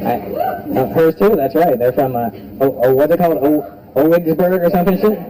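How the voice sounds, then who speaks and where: A man's voice: fairly high pitch, a little fast, dark tone, rough recording. A man performing a stand-up comedy set in a comedy club, with loose, profane, mocking crowd work. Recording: live club recording with crowd. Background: audience laughing.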